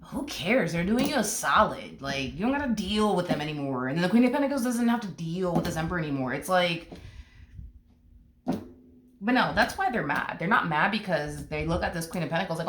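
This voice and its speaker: A woman's voice: fairly low pitch, lively intonation, moderate pace, a little hiss or hum. A woman giving a casual tarot reading, blunt and emphatic, repeating her points and swearing freely. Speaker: tarot reader. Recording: roomy echo.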